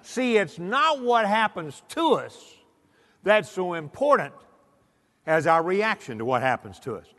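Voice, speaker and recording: Speaking a little slowly, this man has a high, slightly bright and very animated voice. He's a motivational speaker telling folksy stories to an audience in a large hall, doing voices along the way, with reverb from the room audible.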